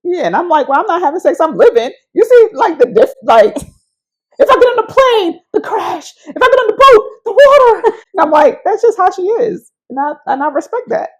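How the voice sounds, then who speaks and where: High, very expressive woman co-host. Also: moderate pace. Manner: laughing, playful teasing. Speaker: podcast co-host. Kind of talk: casual chat.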